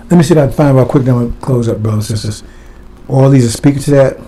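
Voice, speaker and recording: A man's voice: mid-range voice, very fast, mellow, a little hiss or hum. A man preaching a fiery sermon, blunt and impassioned, firing rhetorical questions at his listeners.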